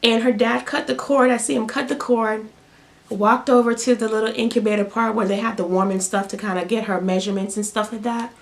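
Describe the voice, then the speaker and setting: A woman's voice: fairly high pitch, steady tone, a little fast, creaky. A young woman and new mother telling a personal story to camera in a casual, emotional way, close to tears, repeating herself often. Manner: emotional, repeats words, many fillers.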